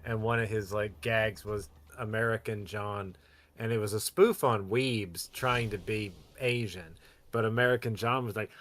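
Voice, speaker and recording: Bright-voiced man jumping into chat. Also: on the low side, steady tone, unhurried. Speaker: podcast co-host. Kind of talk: casual chat.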